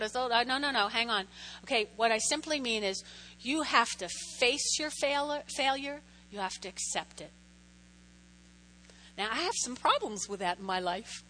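A woman's voice: a little high, animated, normal speed, pauses often, sharp tone. A woman pastor preaching a sermon in a chatty way, often checking in with her listeners. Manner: chatty, keeps checking in with the audience.

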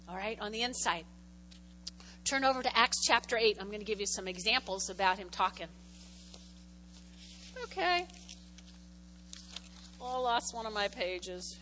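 A woman preaching a lively sermon, reading scripture aloud and calling on the congregation to answer. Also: on the high side, moderate pace, long pauses, a little hiss or hum. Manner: animated, calls on the congregation to respond. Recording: long hall reverb.

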